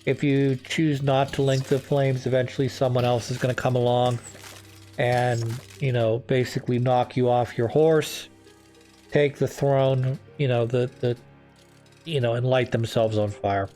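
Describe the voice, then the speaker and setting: A man's voice: medium pitch, fairly even intonation, a little slow, warm tone, faint music behind. A man hosting a let's-play, chatting casually and drifting between topics as he plays, with lots of fillers and restarts. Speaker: gaming channel host. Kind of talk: rambling let's-play commentary.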